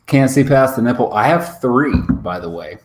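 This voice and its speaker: A man's voice: mid-range voice, expressive, moderate pace. A man, chatting casually on a podcast in a rambling, profane way. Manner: rambling, filler-heavy, profane. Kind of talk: casual chat. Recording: roomy room with faint ambience.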